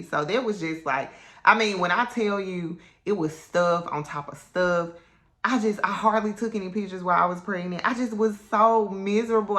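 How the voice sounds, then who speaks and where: A woman's voice: lowish voice, fairly bright tone. Candid, chatty woman vlogger. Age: adult mother. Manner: candid, chatty, many ums and likes. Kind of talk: casual personal storytelling to camera.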